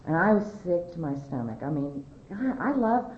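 A woman in her forties sharing her personal testimony to a large audience, candid and emotional, laughing often and going high when excited. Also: normal speed. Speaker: speaker sharing her story at a recovery convention. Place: large convention hall. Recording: echoey hall, dull lo-fi sound, faint noise.

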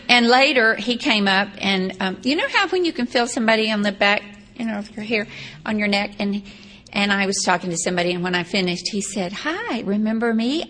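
A woman's voice: medium pitch, sharp tone. A woman from Texas, telling a rambling personal story with wry asides. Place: seated on a stage or chair.

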